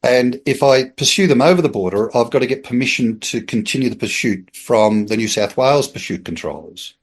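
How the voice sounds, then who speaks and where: A man's voice: medium pitch, brisk. A middle-aged Australian man, a former police officer, telling a casual anecdote as a podcast guest, acting out the voices in his story and laughing as he goes. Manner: lively storyteller who acts out voices and laughs mid-sentence.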